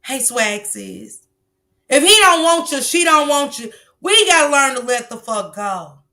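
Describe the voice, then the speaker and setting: A woman's voice: high-pitched, lively intonation, a little slow, pushed and bright. A woman hosting a casual livestream, commenting bluntly on a clip and preaching a lesson, swearing freely. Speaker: livestream host. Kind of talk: casual commentary on viral clips.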